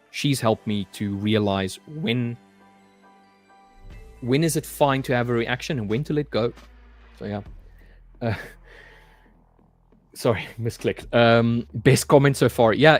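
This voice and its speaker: A young man hosts a live trading stream, talking loosely and reading out viewer comments. His voice sits at an ordinary pitch for a man. Faint music plays underneath. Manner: reads viewer comments aloud and chats loosely, saying "mate" often.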